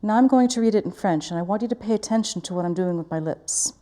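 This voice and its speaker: Mellow-voiced woman teaching diction. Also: mid-range voice, fast talker, hardly any pauses. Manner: clear, careful articulation, demonstrating vowels. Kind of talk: diction lesson.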